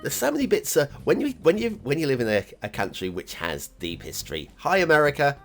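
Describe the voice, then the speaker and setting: A man's voice: mid-range voice, huge pitch swings, a little fast, soft background music. A man hosting a game map review show, talking casually in a rambling, chatty way with chuckling asides. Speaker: host reviewing game maps. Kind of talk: casual commentary.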